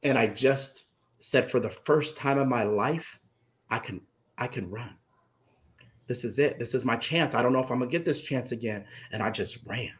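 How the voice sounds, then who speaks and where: A man's voice: mid-range voice, moderate pace. A man, a guest author, telling an emotional story from his own life and acting out the voices of the people in it.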